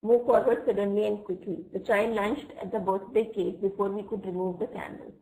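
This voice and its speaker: A patient woman teaching vocabulary in a live web class, her voice at an ordinary middle pitch. She explains words slowly and keeps checking with her students. She speaks into a computer mic. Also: fairly even intonation, dark tone, low-quality recording.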